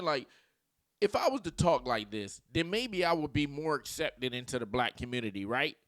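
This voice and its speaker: Animated man ranting to camera. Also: on the high side, dry recording. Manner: animated, mocking, talks to viewers. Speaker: commentary vlogger. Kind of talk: ranting reaction commentary.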